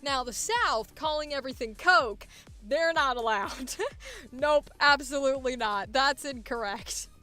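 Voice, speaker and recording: A woman voice actor hosting, chatting casually in a rambling way, laughing often and filling pauses. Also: sits high, lively intonation, bright, forceful tone, soft background music. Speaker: voice actor host. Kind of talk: casual chat.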